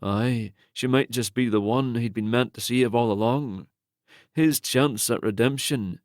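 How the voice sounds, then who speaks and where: A man narrating a romance novel in a steady, measured storytelling manner on a close studio mic. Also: mid-range voice, dry recording. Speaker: audiobook narrator.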